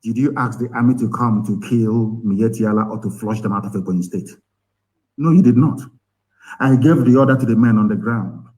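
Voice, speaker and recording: A man's voice: on the low side, brisk, mellow, poor audio. A man with a Nigerian accent giving an impassioned live broadcast, angry and scornful, firing rhetorical questions. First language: Igbo. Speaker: activist leader broadcasting.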